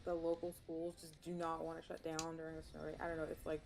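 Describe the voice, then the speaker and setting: Female streamer host, slightly low pitch, meandering filler-heavy chat over a noisy recording. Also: monotone, fast talker, vocal fry, a little mellow. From rural area. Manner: rambling, hesitant, full of fillers. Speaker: livestream host. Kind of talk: casual chat on a livestream.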